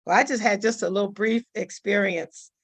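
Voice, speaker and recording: A woman's voice: medium pitch, moderate pace, breathy edge, dry recording. A woman calling in to a live show, sharing a short anecdote and laughing often. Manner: laughs between short remarks. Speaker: caller. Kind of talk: casual chat.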